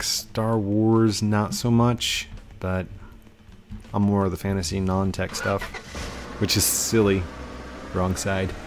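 A man's voice: lowish voice, a little mellow, slight background noise. A man giving casual let's play commentary as a gaming YouTuber, goofy and playful, talking to his viewers.

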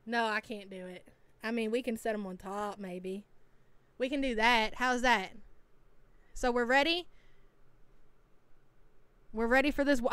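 Chatty woman reacting live, smooth voice. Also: on the high side, lively intonation, moderate pace, pauses often, fairly bright tone, dry recording. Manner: chatty, teasing, reads chat names aloud. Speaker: reaction streamer. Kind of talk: casual live-stream reaction.

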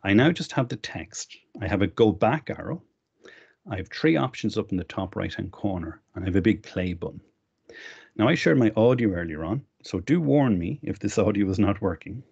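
Presenter, middle-aged man, deep voice with gravelly fry, casual demo talk, dull lo-fi stream audio. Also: expressive, moderate pace, a little mellow. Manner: conversational, explains while clicking through. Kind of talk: live online tech demo.

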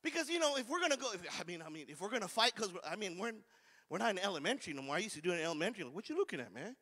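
Guy pastor preaching hard, bright sharp voice, keeps asking for amens, big hall echo. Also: sits high, big pitch swings, racing. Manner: fervent call-and-response preaching, asks for amens. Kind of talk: sermon.

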